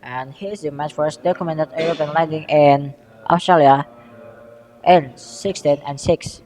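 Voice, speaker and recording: A young man from Indonesia with an Indonesian accent, giving a school history presentation, halting and often correcting himself as he reads from notes. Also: fairly high pitch, fairly even intonation, a little mellow, long reverb tail, soft background music, low-quality recording. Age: young adult. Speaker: student presenter.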